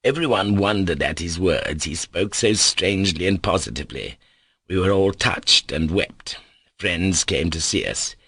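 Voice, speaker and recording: A man narrating an audiobook in a measured, slow and solemn way. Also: sits low, lively intonation, pushed and bright, breathy edge, no room sound.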